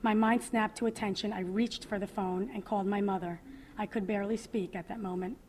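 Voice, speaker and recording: A woman in her thirties reads her own testimony aloud as a mother at a public event, speaking earnestly and with feeling, often pausing. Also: medium pitch, fairly even intonation, darkish tone, slight background noise. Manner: emotional, earnest, with pauses. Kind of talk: reading a personal testimony aloud.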